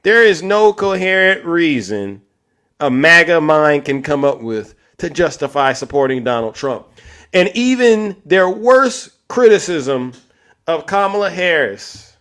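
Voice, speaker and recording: A man's voice: fairly high pitch, very animated, measured pace, fairly bright tone. A man hosting a live stream, arguing with callers and talking to his chat audience. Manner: combative, addresses chat and audience. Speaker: livestream host.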